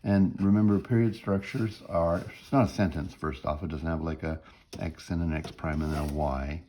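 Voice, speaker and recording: A man's voice: sits low, fairly even intonation, normal speed, warm tone. A man teaching music theory in a recorded lecture, explaining step by step, humming bits of melody and often checking in with "right?".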